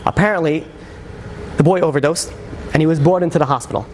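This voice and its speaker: A man, a rabbi, telling a sermon story in a lively, conversational way, acting out the lines of the people in it. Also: a little high, fast talker, a little hiss or hum. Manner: animated, conversational, frequent fillers and acted quotes.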